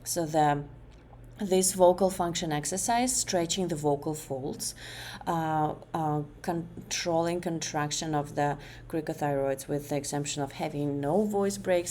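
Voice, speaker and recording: A woman's voice: low-pitched, dark tone, a little hiss or hum. A woman presenting a class demonstration of voice exercises, hesitant, with many fillers and restarts.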